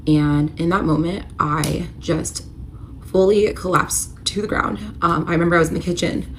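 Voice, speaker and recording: A woman's voice: on the low side, steady tone, moderate pace, a little hiss or hum. A woman recounting a painful personal story in a confessional vlog, candid and emotional, with lots of "like". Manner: emotional, candid, uses filler "like" often. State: tearful at moments. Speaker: storyteller recounting her marriage.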